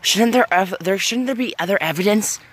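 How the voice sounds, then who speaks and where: A woman's voice: medium pitch, a little fast, husky, no echo, lightly acted. A woman voicing Blossom, a bossy, melodramatic cartoon girl heroine in a homemade skit. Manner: bossy, then weepy and melodramatic. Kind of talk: homemade doll skit voice acting.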